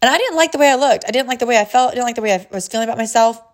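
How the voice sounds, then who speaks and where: A woman's voice: a little high, very fast. A woman in her thirties, a life coach, telling a family story in a motivational talk with energy and frequent laughter.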